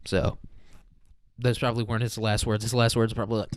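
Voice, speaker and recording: A man's voice: fairly low pitch, little pitch movement, brisk, no echo. A young man hosting a casual solo podcast, rambling, profane and jokey. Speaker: podcast host.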